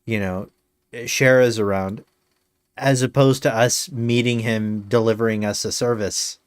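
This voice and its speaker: A man's voice: mid-range voice, steady tone, unhurried, clean tone, dry recording. A male game streamer chatting casually on a live stream, rambling with many fillers and slipping in dry jokes.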